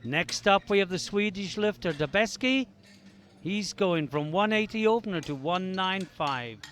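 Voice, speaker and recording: A man giving calm, measured live commentary on a powerlifting competition. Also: high voice, slight background noise.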